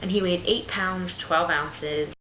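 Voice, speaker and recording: A young woman with a lowish voice tells her birth story straight to the camera, frank and chatty, peppering it with "like". The sound is dull and lo-fi, bouncing around a hard, echoey room. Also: fairly even intonation, slow, a little hiss or hum. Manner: candid and chatty, full of "like" fillers. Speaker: new mother telling her birth story. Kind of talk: casual personal storytelling to camera.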